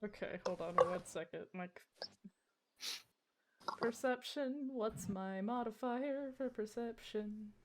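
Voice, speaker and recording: A woman playing a tabletop game, talking slowly in a fairly high voice. She speaks casually, swears freely and laughs easily between her turns. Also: noisy background. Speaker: player.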